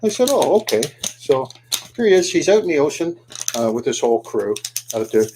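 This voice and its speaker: Animated man telling a folksy tale. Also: medium pitch, fairly quick, slight background noise. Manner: animated, asks the listener questions; folds a paper boat while talking. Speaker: storyteller. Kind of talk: oral storytelling to the camera.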